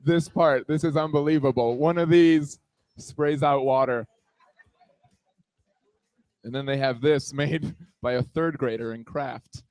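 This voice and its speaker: A man's voice: mid-range voice, fairly even intonation, a little slow, long pauses, darkish tone, no echo. A man in his twenties doing a stand-up comedy set on a small bar stage, self-deprecating and riffing on the room around him. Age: 20s.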